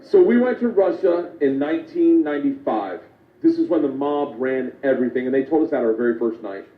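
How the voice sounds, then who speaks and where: A brash man tells a stand-up story to a live crowd, swearing freely and chuckling at his own punchlines. His voice is fairly high and swings widely in pitch. The sound is tinny and phone-like, in a roomy echo with a faint hiss. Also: animated, a little fast. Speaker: stand-up comedian.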